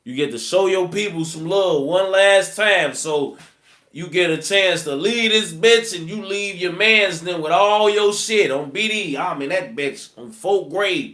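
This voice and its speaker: Man, casual storytelling, slangy and rambling, slightly high voice. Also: measured pace, bright, forceful tone. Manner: slangy, rambling, filler-heavy street talk. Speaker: vlogger telling his prison story.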